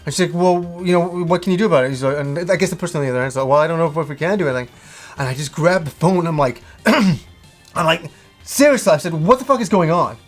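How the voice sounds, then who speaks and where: A man with a slightly high voice tells a story in a loose, ranting way. He acts out both sides of each conversation and swears freely as he goes. Faint music plays underneath. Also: fast talker. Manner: animated retelling with swearing and acted-out dialogue. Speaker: video game vlogger. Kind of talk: casual storytelling rant.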